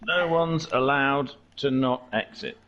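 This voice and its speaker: A man's voice: medium pitch, takes it slowly, crowd noise. Joking man on a lo-fi mic. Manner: chatty, joking, rambling. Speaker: streamer, race host. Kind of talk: casual chat during online racing.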